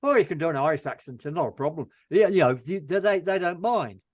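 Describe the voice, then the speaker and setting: A man's voice: fairly high pitch, animated, fairly quick, no room sound. An older man from England in casual chat as a guest, rambling and dry-humoured.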